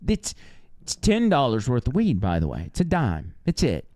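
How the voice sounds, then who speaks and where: A man who drives for a rideshare service tells a story on a podcast, animated and acting out the people in it. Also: mid-range voice, moderate pace, dry recording, clean studio sound. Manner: animated, acts out the characters.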